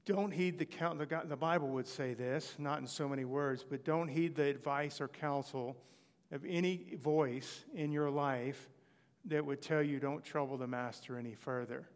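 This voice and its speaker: A man preaching a sermon, retelling scripture stories with animated delivery and voicing the people he quotes. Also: mid-range voice, normal speed, big-room sound.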